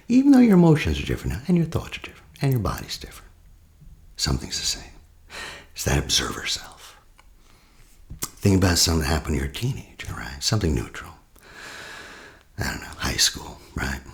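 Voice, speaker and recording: Man, very low gravelly voice, therapist, guided meditation, casual asides, soft breathy near-whisper.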